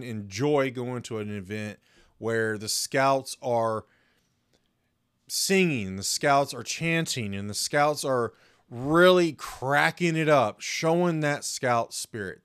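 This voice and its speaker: A man's voice: mid-range voice, a bit bright, clean tone, dry recording, clean studio sound. A man hosting a casual podcast as a scoutmaster, upbeat and friendly, cracking dad jokes.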